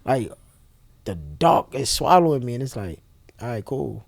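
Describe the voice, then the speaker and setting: This young interviewee shares a personal tale bluntly and openly, cursing along the way and snapping between voices as he performs the conversation. The voice is mid-range, very animated and creaky, and the recording is dry.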